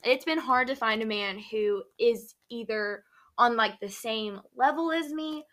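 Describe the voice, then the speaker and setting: A woman's voice: fairly high pitch, unhurried, a bit bright. A young woman hosting a casual faith podcast, chatty and upbeat, saying "like" a lot. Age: young adult. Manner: chatty, heavy use of "like", upbeat. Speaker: podcast host.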